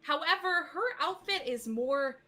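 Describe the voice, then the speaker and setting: A woman's voice: high voice, lively intonation, a little slow, sharp tone, a little hiss or hum. A woman narrating as game master of a tabletop game, describing scenes in a chatty way with many fillers.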